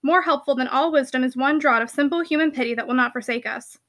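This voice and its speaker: Woman, audiobook narrator, classic novel, steady expressive reading, high pitch, bright tone. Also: quick pace. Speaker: audiobook reader.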